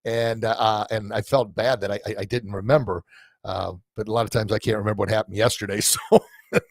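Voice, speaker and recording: A man's voice: fairly low pitch, fairly even intonation, a little fast, no room sound. A middle-aged man hosting a live podcast stream, talking loosely to listeners with many fillers, restarts and heartfelt asides. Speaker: podcast host and coach. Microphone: camera mic in front of him.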